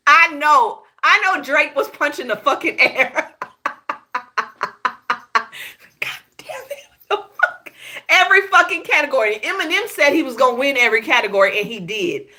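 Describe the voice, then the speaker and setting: Her voice sits high, bright and forceful. She's a gossip show host from Houston, Texas, with a Southern accent, running a profane, easygoing monologue full of laughter on the side and "y'all" directed at viewers.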